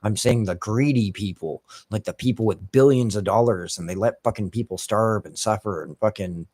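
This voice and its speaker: A man's voice: lowish voice, normal speed, a little mellow, no room sound. A man from the United States ranting over gameplay as a gaming streamer, in heated, heavily profane rambling talk.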